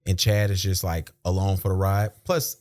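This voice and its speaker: A man's voice: deep voice, moderate pace. A man from South Carolina, hosting a casual podcast chat and telling stories in loose conversational slang. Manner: animated storyteller, conversational slang. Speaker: podcast host.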